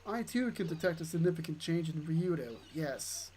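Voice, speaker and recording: Formal female automaton, as a player reads her, measured phrasing, even pitch, faint ambience. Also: a little hiss or hum, lightly acted, poor audio. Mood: calm. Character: calm gentle female automaton companion.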